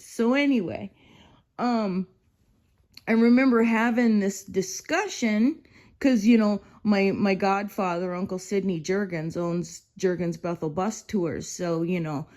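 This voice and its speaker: Mellow-voiced woman in her fifties, rambling. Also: medium pitch. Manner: rambling, exasperated, peppered with "you know". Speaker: vlogger. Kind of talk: casual rambling monologue.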